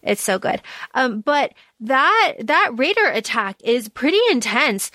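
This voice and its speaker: A woman's voice: sits high, big pitch swings, unhurried, pushed and bright, no echo. A woman co-hosting a podcast, chatting casually about a book, swearing freely and using lots of fillers. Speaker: podcast co-host.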